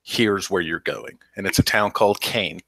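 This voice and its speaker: Deep bright-toned male game master. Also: normal speed, creaky, dry recording. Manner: loose, rambling narration with many ums. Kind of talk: narrating a tabletop game.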